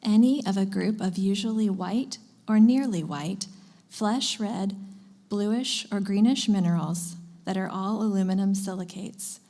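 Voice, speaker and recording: A woman acting as pronouncer at a spelling bee, reading words and their definitions in a clear, measured way. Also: mid-range voice, dark tone.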